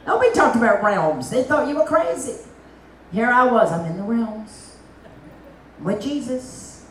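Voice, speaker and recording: A middle-aged woman evangelist gives a lively testimony sermon, full of folksy asides. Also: on the high side, measured pace, a little hiss or hum. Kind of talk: testimony preaching. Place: church meeting hall. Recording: echoey hall, mic at a distance.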